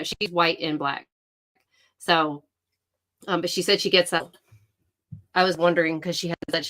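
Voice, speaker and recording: A middle-aged woman hosting a livestream, chatting excitedly and greeting viewers by name. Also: on the low side. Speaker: livestream host. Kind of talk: casual livestream chat.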